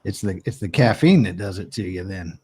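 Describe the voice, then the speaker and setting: A man's voice: low voice, lively intonation, a little fast, a little mellow, breathy edge. Teasing man bantering on a podcast. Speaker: podcast co-host. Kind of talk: casual chat.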